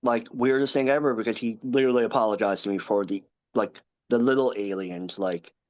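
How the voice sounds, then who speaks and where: A man's voice: medium pitch, fairly even intonation, a little mellow, lo-fi sound. Man in his thirties telling his story. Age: 30s. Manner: earnest, halting storytelling with many asides. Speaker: podcast guest. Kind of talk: recounting a personal story in a podcast interview.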